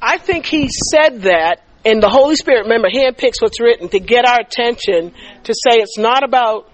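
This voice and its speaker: A middle-aged woman teaches a faith group through a personal testimony. Her voice sits high. She tells the story in an animated way, stammering when she gets excited and acting out each exchange. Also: normal speed, a little hiss or hum, rough recording.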